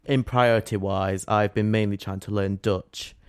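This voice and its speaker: A man's voice: fairly low pitch, fairly even intonation, smooth, no room sound, clean studio sound. A young man co-hosting a podcast, chatty and playful in casual talk. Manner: chatty, playful, quick to laugh. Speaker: podcast co-host. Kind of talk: casual chat.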